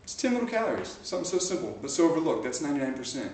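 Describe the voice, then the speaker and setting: Very animated and racing, this fairly high-pitched, slightly mellow male voice belongs to a motivational speaker addressing a live group in a large room. He tells stories and builds to pumped-up exhortation; a distant camcorder records the echo along with a little hiss or hum.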